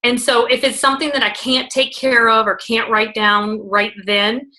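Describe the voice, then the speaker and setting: A young woman leader giving a casual, bubbly training talk, full of "like" and fillers, loud and outgoing. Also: a little high, little pitch movement, moderate pace, poor audio. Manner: self-described loud and out there. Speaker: network marketing team leader.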